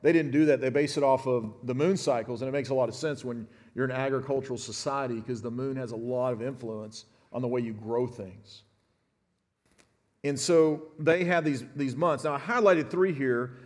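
A pastor in his fifties teaches his congregation in a relaxed, conversational way and often turns to speak straight to them. His voice sits at a middle pitch. The sound carries the long reverb of a big church hall. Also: moderate pace. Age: 50s. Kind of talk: sermon. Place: church sanctuary.

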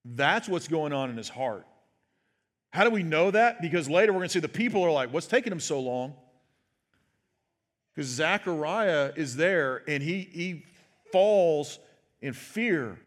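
A man's voice: on the high side, lively intonation, a little slow, long pauses. A pastor preaching a sermon in a conversational way, asking his listeners "right?" and acting out the quoted words. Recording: long hall reverb.

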